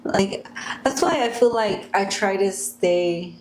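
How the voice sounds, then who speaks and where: A woman's voice: medium pitch, slow, darkish tone, slight background noise. A married woman co-hosting a casual podcast chat, laughing often and acting out the lines she quotes. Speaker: podcast co-host.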